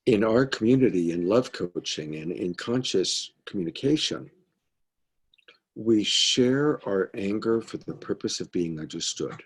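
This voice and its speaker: Male love coach, low and husky, earnest and chatty, drops into quiet asides, video call sound. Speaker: love coach leading a mentorship group. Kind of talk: casual teaching on a video call.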